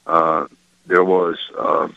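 A man from Michigan calling into a radio show with a question, speaking hesitantly with many pauses and restarts. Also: low voice, flat delivery, dry recording. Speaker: caller. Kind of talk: phoning in a question. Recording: muffled lo-fi phone line.

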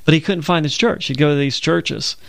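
A man's voice: on the high side, fairly quick, creaky, dry recording. A man from Alabama with a Southern accent, hosting a radio Bible program and earnestly quoting scripture. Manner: earnest, quotes scripture at length. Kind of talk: conversational Bible discussion.

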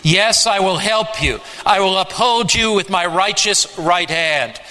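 A man preaching a sermon, slow and emphatic, with dramatic rises and drops in his voice. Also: sits high, sharp tone, in a large hall, low-quality recording.

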